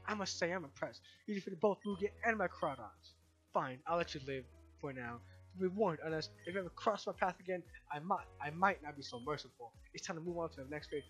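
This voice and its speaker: A man's voice: brisk, a bit bright, breathy edge, faint music behind, rough recording. A man reading aloud the lines of a smug male villain in a video game. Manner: reading game dialogue aloud, low-key.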